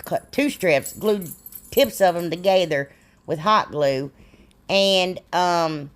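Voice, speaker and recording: A woman's voice: on the low side, animated, slow. A middle-aged woman, rambling and self-deprecating as she explains a craft in a casual tutorial. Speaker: DIY crafts channel host.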